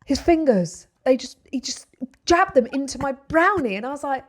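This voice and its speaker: A pregnant woman hosting a podcast in casual chat, telling a story with animation and softly acting out her son's lines. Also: high voice, expressive, normal speed. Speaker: podcast host.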